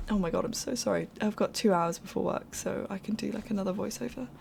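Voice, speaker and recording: A young woman who makes game speed-builds gives casual, rambling voiceover commentary from home, chatty, apologetic and often laughing. Her medium-pitched voice is brisk and creaky, with a little hiss or hum in the background.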